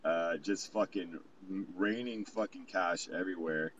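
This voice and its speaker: A man's voice: low voice, a little slow, fairly bright tone. A man telling a rambling, profane party story in casual chat over a remote call. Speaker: guest recounting a party. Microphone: remote call mic. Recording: distant muffled mic with faint hiss.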